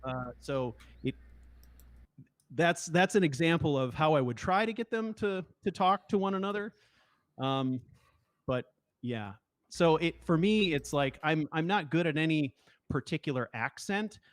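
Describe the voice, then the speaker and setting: A man speaking on an online panel about roleplay, halting and restarting often. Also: fairly high pitch, lively intonation, dry recording. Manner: halting, many restarts, acts out character voices. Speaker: panelist, let's-play roleplayer. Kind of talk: panel discussion.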